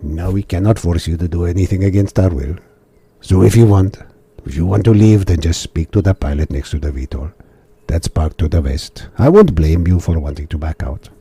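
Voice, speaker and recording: A man voicing a gruff, commanding mercenary colonel in a video game who briskly briefs a survivor and calls him son. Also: low-pitched, lively intonation, warm tone, no room sound, heavily acted. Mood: persuasive.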